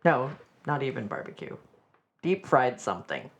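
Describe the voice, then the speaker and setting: Low-voiced woman co-host, wry replies. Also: big pitch swings, moderate pace, lo-fi sound. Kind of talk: casual chat.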